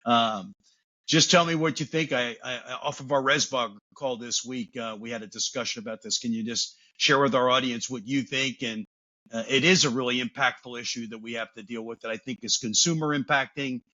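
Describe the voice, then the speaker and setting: A man's voice: mid-range voice, steady tone, fairly quick, bright, forceful tone, muffled recording. A man co-hosting a podcast, asking rambling, hesitant questions. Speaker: podcast co-host.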